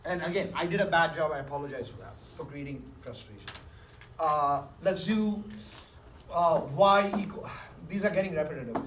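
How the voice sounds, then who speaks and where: Coaxing his students and frequently making sure they understand, a man lectures a math class and asks them questions. He speaks in a slightly high, slightly bright voice at a moderate pace, in a distant, echoey classroom recording with faint hiss.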